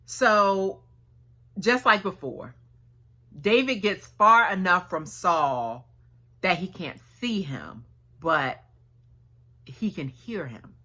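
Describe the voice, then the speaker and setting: Woman preacher, sermon, acted story voices, bright tone, slow unhurried pace, animated pitch. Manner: storytelling with acted dialogue and casual slang.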